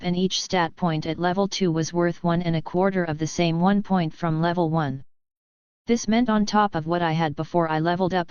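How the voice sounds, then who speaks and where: A woman reading a web novel aloud in steady, scripted first-person narration. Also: fairly low pitch, clean tone, dry recording, muffled recording. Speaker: audiobook narrator.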